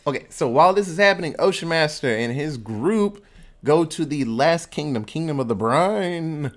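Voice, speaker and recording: A man in casual podcast chat, retelling movie scenes with swearing, laughs and quick voices for the characters. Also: a little high, expressive. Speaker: podcast co-host.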